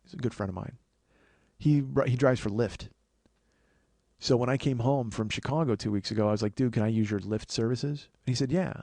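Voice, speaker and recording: A man hosts a podcast and tells comic stories at a brisk clip. His talk is profane and rambling, full of acted-out quotes. The sound is close and dry. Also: mid-range voice, vocal fry, warm tone, no echo. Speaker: podcast host. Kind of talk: casual comedic storytelling.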